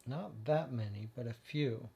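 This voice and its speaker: A man talks through a detective game at a relaxed pace. His voice is mellow and unhurried as he thinks aloud and reads place names and clues from the screen. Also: medium pitch, gravelly, slight background noise. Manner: thinking aloud, reading case text. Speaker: game player reading aloud. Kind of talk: casual let's-play commentary and reading.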